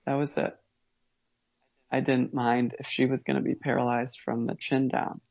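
A man telling his family's story as a podcast guest, earnest and measured, pausing and restarting as he reflects. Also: medium pitch, little pitch movement, gravelly, darkish tone, no room sound, lo-fi sound. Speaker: guest, father.

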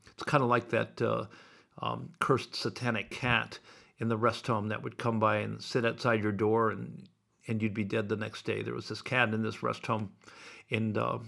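A man's voice: on the low side, creaky, fairly bright tone. A man, hosting a podcast as a rambling solo monologue full of wry asides and digressions. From Iowa, USA. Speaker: podcast host.

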